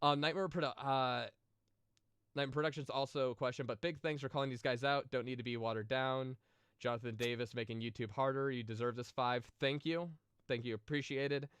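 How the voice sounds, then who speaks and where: A man's voice: mid-range voice, steady tone, brisk, fairly bright tone, smooth, no echo. A man chatting casually on a livestream, reading viewer questions and answering in a rambling, profane way with lots of fillers and restarts, and getting emotional at times. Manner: emotional, sensitive.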